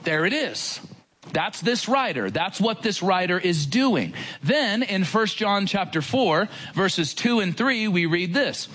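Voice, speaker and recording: Male preacher, conversational and animated, fairly high voice with lively swings, faint background noise. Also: slow pace. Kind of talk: casual sermon to a congregation.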